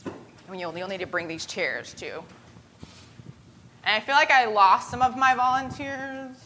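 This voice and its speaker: A woman's voice: a little high, lively intonation, unhurried, bright, forceful tone. A woman preacher leading a skit with volunteers, talking in a chatty, self-deprecating storytelling way. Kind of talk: casual storytelling sermon.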